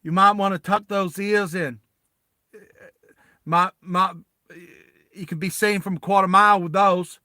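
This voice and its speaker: A cocky male teammate with a dry wit, tossing off sarcastic remarks, as a storyteller puts him on. His voice sits a touch high and sounds close and dry. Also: fairly even intonation, unhurried, pauses often, pushed and bright, no room sound. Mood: teasing. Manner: sarcastic, drawling quips.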